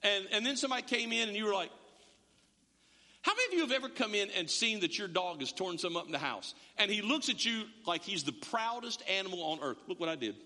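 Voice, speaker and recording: A man's voice: sits high, lively intonation, quick pace, bright, forceful tone. A male pastor giving a conversational sermon in a church, full of stammering restarts and joking asides. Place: church sanctuary. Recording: long church reverb.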